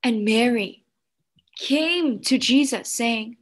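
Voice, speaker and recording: A woman children's pastor preaching to kids, animated and asking the room questions. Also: fairly high pitch, measured pace, pauses often. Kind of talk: children's sermon.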